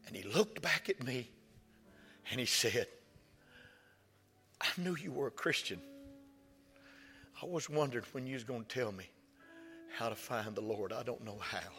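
A pastor preaching in a big church hall, his bright, forceful voice carrying a long reverb. He tells stories in a folksy way and builds to impassioned peaks. Soft music plays underneath. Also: mid-range voice, measured pace, pauses often. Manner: storytelling, rising to impassioned shouts. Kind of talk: sermon.

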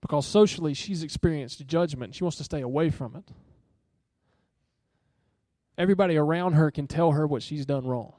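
A man's voice: on the high side, moderate pace, pauses often, dark tone, no room sound, clean studio sound. A young man preaching a sermon in an earnest, conversational way, asking listeners direct questions.

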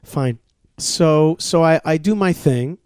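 A man co-hosting a podcast, telling stories in an animated, excitable way, acting out what others said and restarting his sentences often. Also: on the high side, slow pace, clean tone, no room sound, clean studio sound. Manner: excitable, acts out quoted voices, many restarts. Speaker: podcast co-host. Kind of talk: animated storytelling chat.

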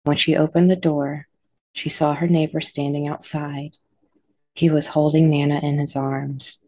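A woman narrating scripted horror stories in a low, mellow voice. Her telling is measured and dramatic. The recording is close and dry. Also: level tone, dry recording.

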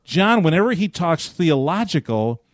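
A man's voice: on the high side, sing-song, moderate pace, no room sound, clean studio sound. An older man co-hosting a church podcast, telling a story in casual chat with joking asides. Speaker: pastor and podcast co-host.

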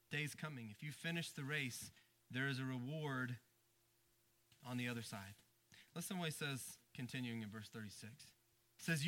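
Pastor guy preaching, chatty, stumbles over words a lot, bright slightly high voice, goes quiet on the big points. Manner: conversational preaching, dropping low and quiet for emphasis; frequent stammered restarts. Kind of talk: sermon.

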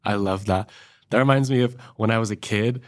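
A man's voice: fairly low pitch, a little fast. A young man co-hosting a casual faith podcast, talking in a reflective, earnest way. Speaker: podcast co-host.

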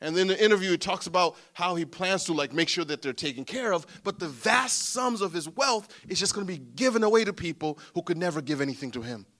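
High, bright-voiced preacher man. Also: quick pace, few pauses. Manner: animated, building to loud emphatic preaching. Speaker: pastor. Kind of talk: sermon with personal storytelling.

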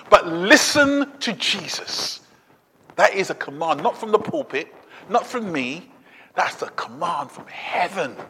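A man preaching a sermon, swinging between loud urgent appeals and quiet, low asides. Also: breathy edge, long reverb tail.

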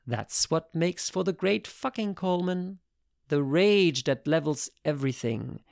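Casting: a man doing a hard-bitten, profane woman lover, slow, measured delivery, dry close sound. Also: a little high, expressive, vocal fry, darkish tone, no room sound. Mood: mocking. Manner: blunt, profane, slow and intense.

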